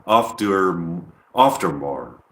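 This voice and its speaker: A man's voice: low-pitched, very animated, very slow, a bit bright, roomy sound. A man rambling through an improvised comedy monologue, hesitant and full of ums. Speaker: comedian live-streaming.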